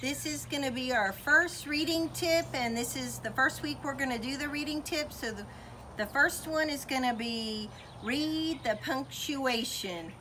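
A woman teacher giving a reading lesson for children, explaining clearly and acting out how the voice drops and rises. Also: high-pitched, noisy background. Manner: clear, deliberate explaining, demonstrating voice changes.

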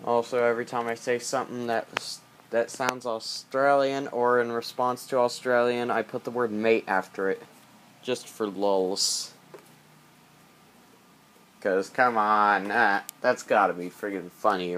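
A man in a casual late-night vlog, rambling and joking, often repeating himself as he goes. His voice sits at an ordinary middle pitch. He is recorded on a tablet's built-in mic, indoors at home in the dark. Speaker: vlogger. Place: dark house during power outage, indoors.

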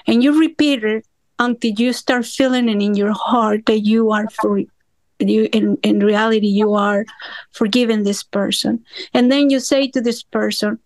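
A woman's voice: fairly high pitch, fairly even intonation, moderate pace, darkish tone, dry recording. A woman in a study group sharing a personal testimony over a remote call, talking earnestly with small grammar slips. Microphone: remote call audio.

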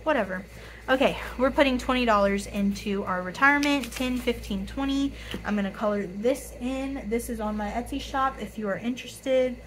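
A young woman in her twenties with a hoarse, raspy voice, chatting casually to camera, often apologizing and counting money out loud. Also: fairly high pitch, normal speed, a little hiss or hum, poor audio. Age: 20s. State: hoarse, voice tired. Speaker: budgeting YouTuber.

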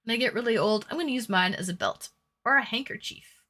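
A woman talks fast in a slightly high, pushed and bright voice. She's streaming herself painting, chatting casually, reading viewer comments out loud and cracking crude jokes.

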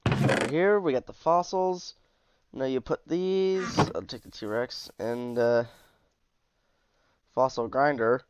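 A man's voice: medium pitch, slow pace, pauses often, clean tone. Tired, chatty man reviewing a game mod. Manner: chatty, easygoing, with asides and trailing off. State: tired, yawning. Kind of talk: casual gameplay commentary.

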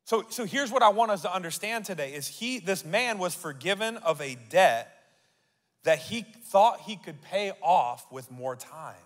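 A male pastor preaching a sermon, reading scripture aloud and building to loud declarations. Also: high voice, expressive, unhurried. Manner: reads scripture aloud and asks the crowd to repeat. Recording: long hall reverb.

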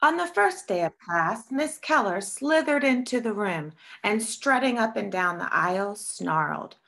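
A woman reading a children's picture book aloud with expressive storytelling. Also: mid-range voice, measured pace, vocal fry, hardly any pauses. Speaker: storybook reader.

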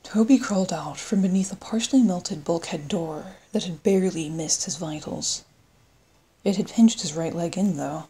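A woman reading an audiobook in steady scripted narration. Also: on the low side, moderate pace, breathy edge. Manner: steady storytelling read.

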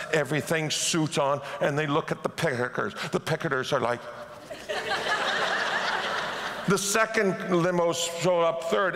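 Pastor type, male, very gravelly voice, lively storyteller; recorded in a long-reverb church hall. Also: fairly high pitch. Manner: animated storyteller who acts out the people in his stories. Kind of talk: sermon storytelling. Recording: echoey hall.

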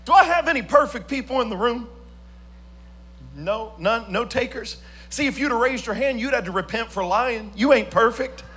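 A man preaching a church sermon as pastor, swinging from quiet storytelling to sung, shouted emphasis. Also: very high-pitched, expressive, normal speed.

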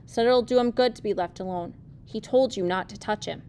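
A woman reading aloud, voicing a weary, stern farm mother in a low, subdued voice. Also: a little fast, dark tone, slight background noise, close to an everyday voice.

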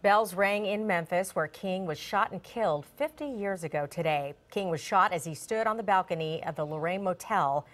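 A female news anchor reads from a script with steady, formal delivery. Her voice sits low for a woman, with faint clicks in the background. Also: normal speed, hardly any pauses, slight background noise.

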